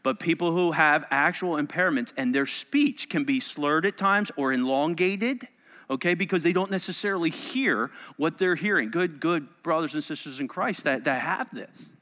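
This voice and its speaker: A male pastor preaching a sermon to a congregation, telling the story dramatically and dropping into quiet asides. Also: on the high side, moderate pace, in a large hall. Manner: animated, dramatic storytelling with sudden soft asides. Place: church sanctuary.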